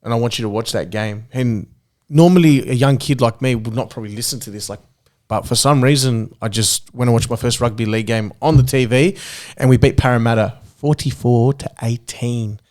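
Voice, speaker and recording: An Australian man co-hosts a casual podcast. He rambles through his stories with plenty of ums and laughs, at a mid pitch. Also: a little fast, a little mellow. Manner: chatty storyteller with lots of fillers and laughs. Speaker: podcast co-host. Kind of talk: casual chat.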